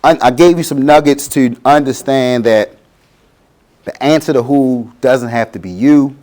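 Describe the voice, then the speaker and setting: A man's voice: medium pitch, unhurried, mellow. A middle-aged man, giving a motivational talk to students and acting out quotes in changing voices. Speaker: guest speaker.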